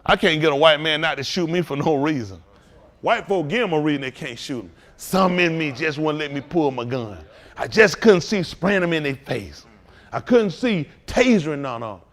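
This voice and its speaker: A man preaching as a pastor in a fiery talk, swinging from low mutters to loud outbursts. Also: expressive, normal speed.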